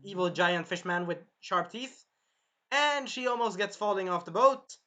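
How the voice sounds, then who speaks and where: A man with a high, sharply bright voice talks through an episode recap in a loose, rambling way. He sounds a little tired and keeps circling back with fillers as he goes. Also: moderate pace. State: tired, clearing his throat. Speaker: anime reviewer.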